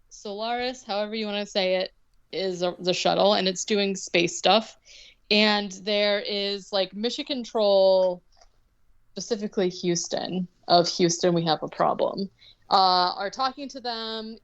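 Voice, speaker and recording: A woman's voice: mid-range voice, clear, resonant tone, muffled recording. A woman co-hosting a podcast, loosely recapping a movie plot with lots of filler words and restarts. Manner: rambling summary full of filler words. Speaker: podcast co-host.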